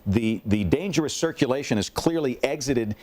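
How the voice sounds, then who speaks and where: A man's voice: medium pitch, animated, normal speed, darkish tone. A man working as a TV meteorologist, urgent and folksy, covering tornado warnings and questioning a mayor live. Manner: urgent, folksy, many fillers. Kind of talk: live severe weather coverage.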